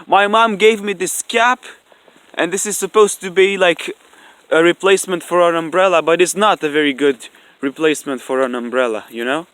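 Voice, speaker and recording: Bright-voiced man ranting outdoors on camera. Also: fairly high pitch, normal speed, clean tone, dry recording. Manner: argumentative, repeats himself, swears when annoyed. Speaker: vlogger. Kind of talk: rambling outdoor vlog rant. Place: outdoors, in the rain. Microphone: camera mic.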